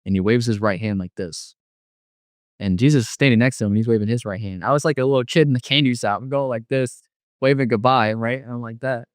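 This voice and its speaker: A man's voice: mid-range voice, fast, no echo, clean studio sound. A man casually telling a personal testimony, rambling with many fillers and restarts. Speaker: guest telling a near-death story.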